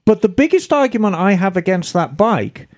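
A woman's voice: mid-range voice, big pitch swings, normal speed, a little mellow. A woman co-hosting a podcast in easygoing casual chat, reading out listener emails and swearing now and then. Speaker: podcast co-host.

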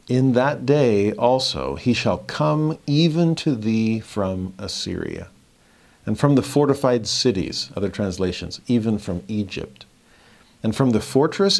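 A man gives a verse-by-verse scripture lesson in a fairly low voice. He reads each passage aloud, then breaks it down with lively, plain-spoken asides. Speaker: scripture teacher.

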